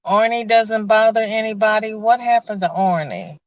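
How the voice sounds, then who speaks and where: A woman's voice: mid-range voice, normal speed, hardly any pauses, no room sound. A woman hosting a casual live stream from her car, chatting and laughing as she greets viewers by name and reads their comments. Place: inside a car. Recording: dull, lo-fi.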